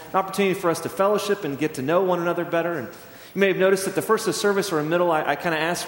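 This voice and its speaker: A middle-aged man preaching a sermon as pastor, telling stories in a conversational way and acting out scenes. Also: on the high side. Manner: conversational storytelling, acts out scenes. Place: church sanctuary. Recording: echoey church hall.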